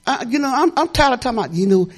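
With a fairly high, lively voice, she races through her sermon. She's an older pastor telling folksy stories, rambling and chatty, and she laughs a lot along the way.

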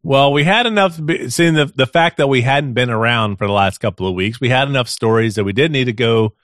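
A man's voice: mid-range voice, brisk, a bit bright, no echo, clean studio sound. Chuckling man reading news aloud. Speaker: podcast co-host. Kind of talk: casual chat, reading news stories aloud.

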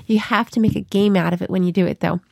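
A woman's voice: mid-range voice, fairly even intonation, quick pace, vocal fry, darkish tone, no room sound. A woman co-hosting a podcast, talking casually and explaining her teaching methods with playful little stories. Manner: chatty, explaining with playful examples. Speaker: podcast co-host.

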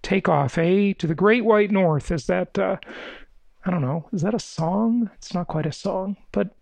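A man's voice: high voice, moderate pace, gravelly, darkish tone, no room sound. Male podcast host, emphatic casual monologue, dry close recording. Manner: emphatic, repeats words for effect.

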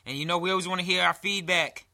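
Bright-voiced joking New man. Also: sits high, steady tone, fast talker, vocal fry. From New York. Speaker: podcast co-host. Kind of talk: casual chat.

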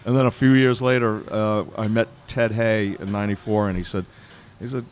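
Animated lower-voiced man telling stories. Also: brisk, slight background noise. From Massachusetts. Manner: animated storyteller, acts out voices in quotes. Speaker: bar consultant and guest. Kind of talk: casual storytelling chat.

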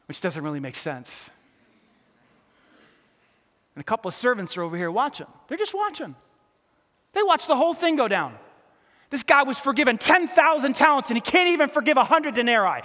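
A man preaching a sermon as a pastor, animated, acting out the voices of the people he quotes. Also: very high-pitched, a little fast, long pauses. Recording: long hall reverb.

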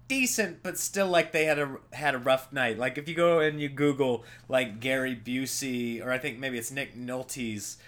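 A comedian rambles casually through his own show, his voice lowered by a cold yet a bit bright. He's chatty and jokey, laughing at his own bits.

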